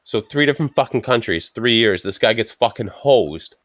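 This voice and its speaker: Another podcast co-host, a man with a mid-range, fairly bright voice, speaks expressively at normal speed in studio-quality audio with no room sound. Chatting casually, he spins rambling, profane anecdotes and performs the quoted speech of others.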